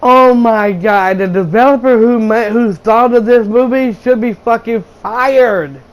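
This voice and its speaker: A man's voice: very high voice, measured pace, poor audio. A young man hosting a video game channel, ranting through a blunt, profane, exasperated movie review.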